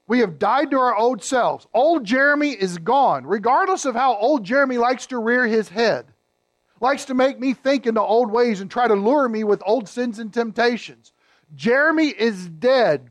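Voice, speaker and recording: A man preaching a sermon as pastor, teaching emphatically, reading scripture slowly with stress and turning to the congregation with conversational asides. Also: sits high, no echo.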